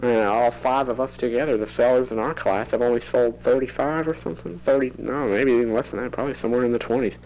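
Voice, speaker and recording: A man's voice: mid-range voice, steady tone, quick pace, few pauses, a little mellow, slight background noise, poor audio. Give me a chatty teenage boy recording a cassette diary at home, laughing a lot and rambling along. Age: teens. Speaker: student keeping a tape diary. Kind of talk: rambling audio diary monologue.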